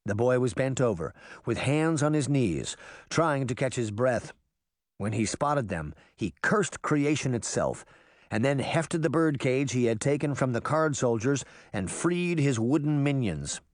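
A man narrating a children's fantasy audiobook in a lively storytelling manner. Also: medium pitch, a little slow, no echo, studio quality. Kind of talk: scripted narration.

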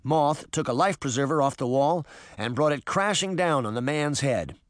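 A man reading a children's adventure novel aloud with expressive, varied narration. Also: a little high, moderate pace, no echo, clean studio sound. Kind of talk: audiobook narration.

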